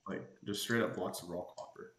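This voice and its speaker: Low-voiced practical man asking questions. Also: steady tone, a little fast, fairly bright tone, echoey room, a little hiss or hum. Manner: practical, asks building questions, hesitant starts. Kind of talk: casual gaming chat.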